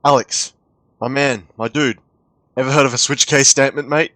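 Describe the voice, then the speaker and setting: A man's voice: mid-range voice, normal speed, a bit bright, no room sound. A young man giving a heated, profane commentary rant with exasperated outbursts. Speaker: YouTube commentator.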